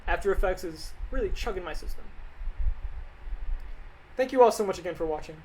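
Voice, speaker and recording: A young man rambling casually on a livestream, reading viewer questions aloud and answering them into a desk mic that clips when he gets loud. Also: sits high, lively intonation, fairly quick, a little hiss or hum. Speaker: livestreaming animator.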